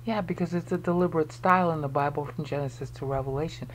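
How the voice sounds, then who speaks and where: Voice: medium pitch, fast. A presenter narrating a screen-recorded walkthrough, thinking aloud while searching on screen and making pointed, emphatic remarks. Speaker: video presenter explaining research.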